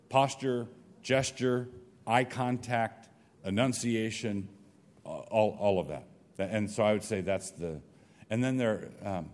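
A man leading a workshop for teachers and taking questions, talking in a halting way with frequent restarts. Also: fairly low pitch, darkish tone. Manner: halting, restarts, thinks aloud. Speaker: teacher trainer. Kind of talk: workshop talk with Q&A. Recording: long reverb of a hall.

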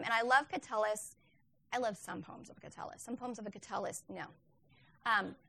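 A woman's voice: a little high, gravelly, fairly bright tone. A woman Latin teacher explaining her lessons in a chatty, explanatory way, often correcting herself as she goes.

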